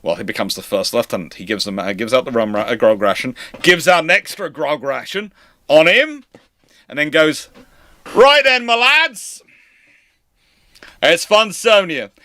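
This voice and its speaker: A man's voice: mid-range voice, brisk, pushed and bright, dry recording. A man hosting a live-stream history lecture, explaining in a conversational, digressive way. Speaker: host.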